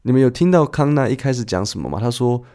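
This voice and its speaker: A man's voice: mid-range voice, lively intonation, fast talker, mellow, faint music behind. A man teaching English in a chatty, playful way, acting out short dialogues as he explains clips.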